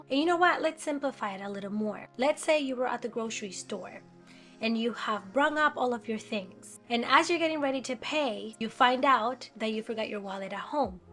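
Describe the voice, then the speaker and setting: A woman's voice: a little high, a bit bright. A woman vlogger talking earnestly and directly to her viewers, asking them questions as she gives self-help advice. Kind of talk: motivational talk to camera.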